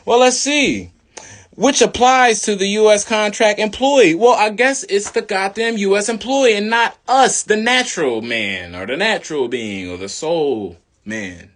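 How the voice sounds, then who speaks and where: A young man in a casual, slangy monologue, preaching about spirit and law, swinging between loud bursts and low mutters. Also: a little slow. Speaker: video host.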